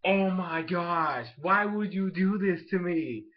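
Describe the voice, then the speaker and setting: An excitable man with a high voice rambles through a casual episode recap, tossing in filler words constantly. The sound is dull and lo-fi, like a cheap home recording. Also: slow pace. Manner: excitable, rambling, heavy use of "like" and "oh my gosh". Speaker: anime show reviewer.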